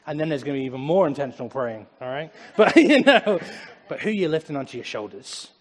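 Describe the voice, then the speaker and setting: A young man delivers an animated sermon, chuckling often between lines. His voice sits a little on the high side. The sound carries the long reverb of a church sanctuary. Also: fast. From Germany. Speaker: preacher.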